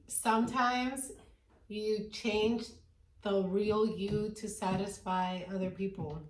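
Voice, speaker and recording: A woman's voice: medium pitch, fairly even intonation, slow pace, slight background noise. Young woman just chatting w her friends, kinda echoey room. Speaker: friend in group chat. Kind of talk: casual chat among friends. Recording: roomy, distant from mic.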